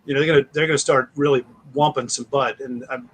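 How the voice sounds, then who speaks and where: A man in his forties, a guest author telling rambling stories in a casual interview and slipping into animated impressions. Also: medium pitch, fast, slight background noise. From United States.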